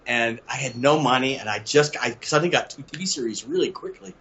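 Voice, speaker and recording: An older man from Mississippi, a guest telling lively stories over a video call and laughing often. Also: medium pitch, fairly quick, highs cut off, slight background noise. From Southern US, Mississippi. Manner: animated storyteller, laughs often.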